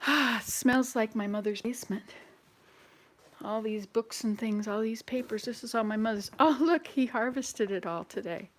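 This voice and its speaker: A woman's voice: a little high, normal speed. A woman in her sixties, chatting casually at home as she walks around, rambling and playful, laughing at her own slip-ups. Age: 60s. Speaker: vlogger. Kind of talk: casual home vlog chat. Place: at home, walking from room to room.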